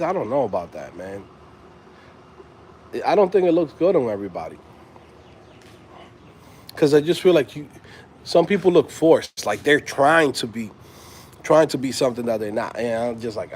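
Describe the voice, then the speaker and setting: A man's voice: on the high side, darkish tone. A man in his thirties hosting a loose, slangy casual chat and laughing often. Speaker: host.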